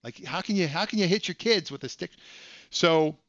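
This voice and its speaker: A man's voice: sits high, animated, normal speed, highs cut off, slight background noise. Man telling a story on his home stream. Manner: chatty, self-deprecating, joking asides. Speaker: live stream host. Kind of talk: casual storytelling. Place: at home in front of a computer.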